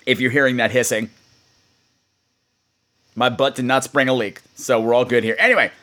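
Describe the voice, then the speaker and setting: A man's voice: mid-range voice, fairly even intonation, normal speed, bright, forceful tone. A man hosting a podcast, chatting in a campy, cheeky, playful way. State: coughing. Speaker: podcast host. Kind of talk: casual podcast monologue.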